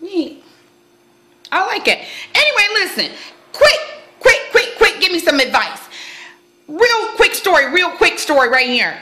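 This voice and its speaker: Brash high-voiced woman ranting. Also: a little slow, long pauses. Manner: brash, loud, animated storytelling. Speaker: vlogger. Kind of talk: profane comic rant to camera. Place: at home, indoors. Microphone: phone camera on tripod.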